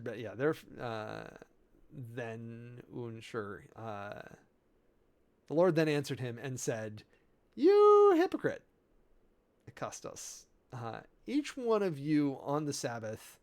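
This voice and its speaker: In a mid-range, slightly mellow voice, a preacher haltingly prepares a sermon, working over Greek words with lots of fillers and corrections. He's amused by the specifics along the way.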